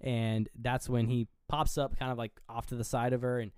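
A man's voice: mid-range voice, level tone, normal speed, clear, resonant tone, dry recording, clean studio sound. A man co-hosting a podcast, casually retelling a horror movie scene by scene, rambling, swearing freely and laughing at himself. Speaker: podcast co-host.

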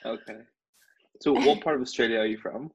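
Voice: mid-range voice, fairly quick, breathy edge, no echo, dull audio. An interviewer, asking questions in an easygoing, effusive way. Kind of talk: casual interview chat.

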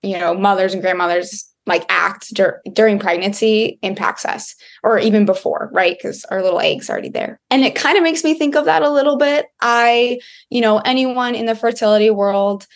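A woman's voice: mid-range voice, normal speed, creaky. A woman naturopathic doctor answering interview questions in a chatty way, full of "like" fillers.

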